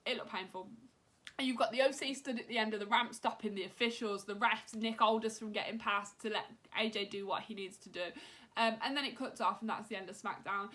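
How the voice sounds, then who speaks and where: A woman in her thirties recaps a wrestling show in a chatty, emotional way, her medium-pitched, slightly bright voice moving briskly with fairly even intonation. She fills gaps with lots of "um" and "like" in this casual recap chat.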